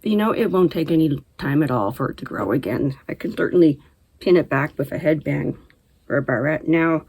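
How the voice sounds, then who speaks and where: Chatty middle-aged female vlog host, slightly low voice, relaxed and rambling. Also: fairly quick, gravelly, husky. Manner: chatty, rambling, laughs easily. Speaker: knitting podcast host. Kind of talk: casual chat to camera.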